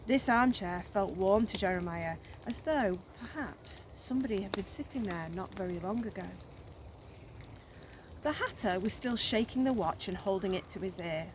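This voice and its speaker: A woman teacher reading a children's story aloud, gently and expressively, outdoors on a snowy walk into a phone camera. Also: mid-range voice, normal speed, a little hiss or hum.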